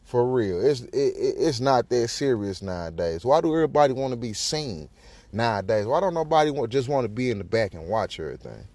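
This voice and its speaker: A man's voice: mid-range voice, a little fast, dry recording. A man hosting a podcast, giving his blunt, profane take on a news story in casual talk. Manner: profane, animated, rhetorical. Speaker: podcast host.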